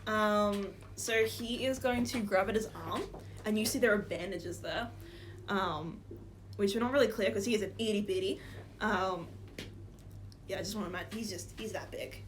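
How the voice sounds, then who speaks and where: A woman's voice: mid-range voice, normal speed, a little hiss or hum. A woman narrating as game master of a tabletop game, with giggles and many fillers.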